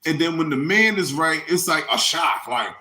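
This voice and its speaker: Animated, profane male podcast host. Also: on the high side, normal speed. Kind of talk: casual comedic rant. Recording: echoey room.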